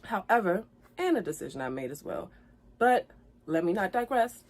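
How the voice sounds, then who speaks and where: A woman's voice: medium pitch, big pitch swings, moderate pace, a little mellow. Woman vlogger telling her side of a breakup, earnest, repeats stuff, gets heated n teary. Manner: earnest, apologetic, repeats herself, grows heated. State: tearful at times. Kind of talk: emotional storytime vlog.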